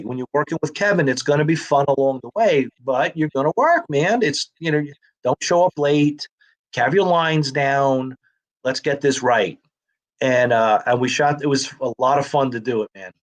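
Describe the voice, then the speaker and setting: A middle-aged man, a comedian and actor, telling anecdotes in a casual interview and acting out the voices of others. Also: fairly high pitch.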